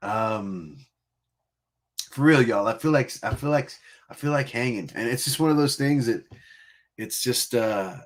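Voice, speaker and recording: A man's voice: medium pitch, animated, measured pace, pauses often. A man from Connecticut hosting a music livestream, chatting casually in a playful, teasing, rambling way with frequent laughs. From Connecticut, USA. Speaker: livestream music show host.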